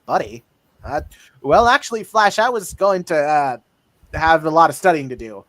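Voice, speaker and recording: A man's voice: on the high side, animated, normal speed, a bit bright. A man doing a wisecracking young superhero. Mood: awkward.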